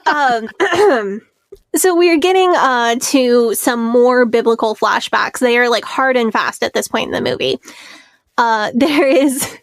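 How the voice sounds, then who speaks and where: A woman with a slightly high voice co-hosts a podcast in loose, chatty conversation. She laughs easily and acts out quoted lines as she retells scenes. The recording is dry and close to the mic. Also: no room sound. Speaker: podcast co-host. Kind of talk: casual podcast chat.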